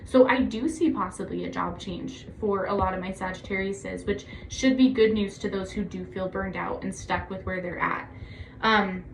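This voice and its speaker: A woman giving a casual tarot reading to her viewers, chatty and encouraging, often gushing with excitement. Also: mid-range voice, normal speed, gravelly, slight background noise. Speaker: tarot reader. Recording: echoey room.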